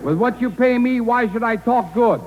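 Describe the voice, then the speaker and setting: Gruff bandleader mangling big words. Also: male voice, very high-pitched, moderate pace, lo-fi sound, noisy background. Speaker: guest bandleader. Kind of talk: 1940s radio comedy. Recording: old broadcast with hall reverb.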